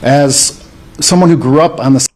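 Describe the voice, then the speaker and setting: A man questioning a politician in public, speaking in a deliberate, accusatory way. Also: on the high side, darkish tone.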